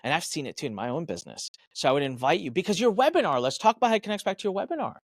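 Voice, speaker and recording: A man guest on a podcast, giving energetic, emphatic business advice and acting out his own thoughts in quick asides. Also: on the high side, no echo. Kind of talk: animated advice talk.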